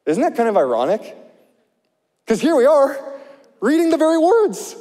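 A male pastor preaching an impassioned sermon, swinging between loud urgent passages and hushed ones. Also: very high-pitched, big pitch swings, moderate pace, long reverb tail.

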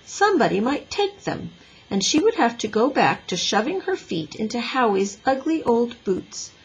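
Lively husky woman reading a storybook. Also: a little high, moderate pace, low-quality recording. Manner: expressive, lively. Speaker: teacher reading aloud. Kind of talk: storybook read-aloud.

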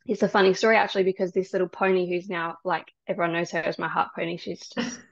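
A woman guest on a podcast telling her story in casual chat, soft and hesitant with many ums. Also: lowish voice, flat delivery, fast, no room sound. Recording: dry, dull lo-fi sound.

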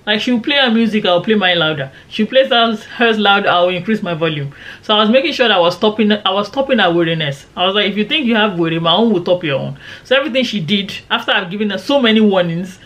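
Animated young woman telling a story. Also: medium pitch, quick pace, hardly any pauses. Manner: animated, dramatic retelling with quoted shouts. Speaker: storyteller vlogger. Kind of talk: casual storytime.

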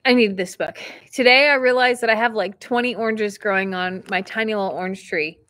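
A woman hosting a casual vlog, opening mail from viewers and talking warmly and emotionally, close to tears at times. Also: medium pitch, brisk, dry recording. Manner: chatty and emotional, near tears.

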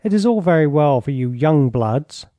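Guy reading as a blustery drunk old baron, gruff, dry close sound. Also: fairly high pitch, animated, normal speed, warm tone, no echo, close to an everyday voice. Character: coarse drunken older male baron, bluff and menacing. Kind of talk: audiobook character reading.

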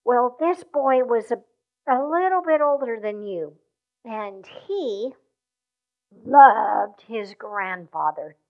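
High-voiced woman telling a story to kids at church, gentle, lots of questions, muffled sound. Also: lively intonation, slow pace. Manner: gentle, asks the children questions. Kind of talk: children's story in a church service.

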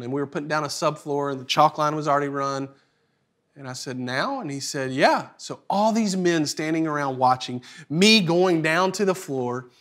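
A man giving a conference keynote, telling a self-deprecating story in an animated, humorous way. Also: on the high side. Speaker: keynote speaker. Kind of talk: storytelling sermon. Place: conference hall stage.

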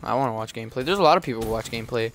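A man's voice: medium pitch, animated, rapid-fire, slight background noise. A young man streaming a game live, rambling to his chat with restarts and asides. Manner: chatty, rambling, talks to chat. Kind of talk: live gameplay commentary.

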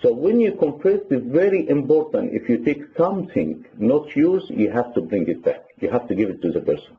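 A man's voice: medium pitch, sing-song, brisk, phone-quality sound, a little hiss or hum. Egyptian-accented man giving a sermon. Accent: Egyptian Arabic. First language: Arabic. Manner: counts points aloud, retells church stories. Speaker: deacon teaching on confession.

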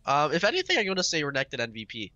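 A man with a hoarse voice casting esports play-by-play with excitable energy, coughing now and then. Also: fairly high pitch, racing, no echo, muffled recording. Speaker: esports caster. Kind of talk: live esports commentary.

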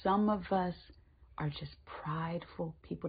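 A woman giving a spoken Christian devotional, moving between emphatic lines and hushed whispers. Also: mid-range voice, unhurried, creaky, husky. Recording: tinny phone-like sound.

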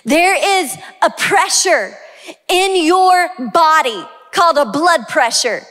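Female pastor, 30s, Southern US, fervent sermon delivery, bright high pitch. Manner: impassioned, rising to shouts on key lines. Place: large church sanctuary. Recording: long hall reverb.

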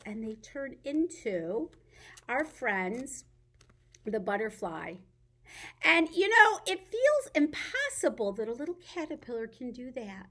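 A woman's voice: a little high, sharp tone. A woman librarian leading a baby storytime, singing songs and reading a picture book aloud in a playful sing-song. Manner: sing-song, playful, speaks to babies and parents. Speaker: children's librarian.

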